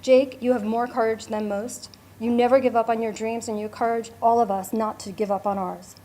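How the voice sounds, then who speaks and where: A woman's voice: fairly high pitch, flat delivery, a little fast, dark tone, a little hiss or hum. A woman in her forties, a mother reading a prepared, heartfelt speech at her son's bar mitzvah.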